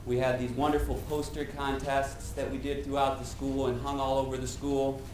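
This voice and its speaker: Male school counselor at a board meeting; earnest and lightly joking, a lot of "uh"; echoing room with a soft hum behind. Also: medium pitch, flat delivery, moderate pace. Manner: light-humored, earnest, frequent "uh" fillers. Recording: roomy meeting hall, faint background hum.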